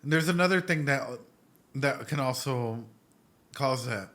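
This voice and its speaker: A man reacting on a live stream, thinking out loud with frequent restarts and a lot of swearing. His tone is bright and forceful, and his energy runs high as he works through the material. He talks casually, like an expert chatting with his audience. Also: unhurried. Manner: excitable and emotional, swears often; thinks aloud with repeated restarts. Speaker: psychologist reacting to anime.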